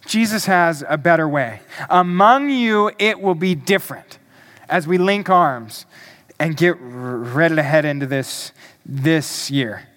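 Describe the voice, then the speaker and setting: A male pastor preaching a sermon, emphatic and deliberate, asking the congregation questions. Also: on the high side, fairly bright tone.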